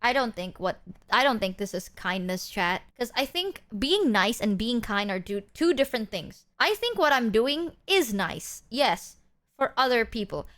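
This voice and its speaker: A young woman streamer chats casually with her viewers in a fairly high, bright, sing-song voice at a slightly slow pace. She rambles, puts herself down, swears freely, and acts out the people she quotes in exaggerated put-on voices.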